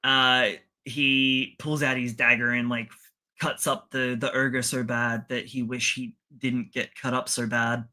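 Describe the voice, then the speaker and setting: A man with a bright, forceful voice chats casually through an episode recap. He rambles, laughs often and slips into quick impressions of the characters. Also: medium pitch, flat delivery. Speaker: podcast co-host.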